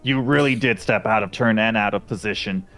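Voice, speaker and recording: Pompous police dog lieutenant, put on by a man, indignant and scolding, gravelly voice. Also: lowish voice, brisk, fairly bright tone, faint music behind. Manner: indignant, scolding, demanding respect.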